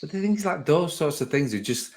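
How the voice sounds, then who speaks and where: A man's voice: on the high side, big pitch swings, a little fast. A man hosting a podcast, chatting casually in a rambling, conversational way and often correcting himself mid-sentence. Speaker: podcast host.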